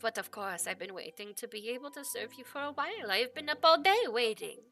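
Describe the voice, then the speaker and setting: Woman doing a rich noble lady hosting guests, super polite and proper, kinda bright voice. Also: a little high, expressive, a little fast, soft background music. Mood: eager. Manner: polite, formal and welcoming. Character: wealthy gracious noblewoman hostess.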